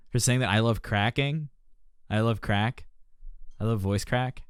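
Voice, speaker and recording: A man's voice: on the low side, clear, resonant tone, dry recording, studio quality. A man working as a vocal coach, giving passionate, joking commentary while reacting on a live stream. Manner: passionate, joking, animated teaching.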